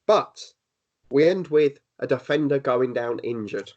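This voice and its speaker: A man's voice: medium pitch, a little slow, darkish tone, lo-fi sound. A man hosting a podcast, reading out scenarios with a dry, wry delivery. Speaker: podcast host asking questions. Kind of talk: reading out scenarios, casual chat.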